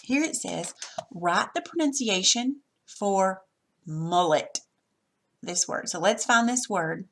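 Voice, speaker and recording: A woman's voice: medium pitch, a bit bright. A woman teacher patiently walking through a worksheet lesson step by step, recorded over her screen.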